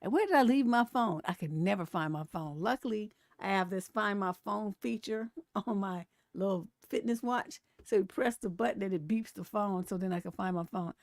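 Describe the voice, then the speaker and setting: This live-stream host is a woman over forty who works as a relationship coach. Her medium-pitched voice moves at normal speed with hardly any pauses, in clean studio sound without echo, as she chats about memes and posts, laughs frequently, and reads comments aloud.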